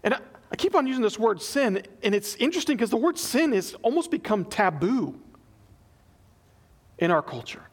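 A man's voice: high voice, normal speed, husky. A man preaching a sermon in church as pastor, acting out the people he quotes as he tells the story. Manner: animated, acts out quoted people in his retelling.

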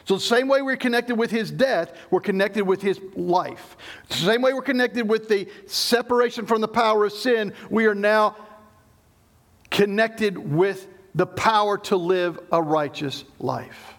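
A middle-aged pastor from the Southern United States preaches a sermon in a high, slightly bright voice at a somewhat slow pace. He explains scripture emphatically, often restarting his sentences.

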